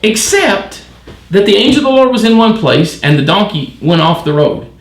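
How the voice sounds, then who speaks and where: A man reads scripture at a Bible study and then muses over it, animated and full of questions. His voice sits high and swings widely in pitch. The recording has a noticeable room echo. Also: moderate pace. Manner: animated, wondering aloud with many questions. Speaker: church Bible teacher. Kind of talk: midweek Bible study reading and commentary.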